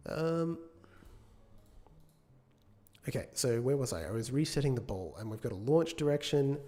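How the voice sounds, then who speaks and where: A man's voice: medium pitch, lively intonation, normal speed, mellow. A man gives casual live-coding commentary as a game developer, thinking aloud, correcting himself and chatting with viewers. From United Kingdom. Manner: chats with viewers between tasks.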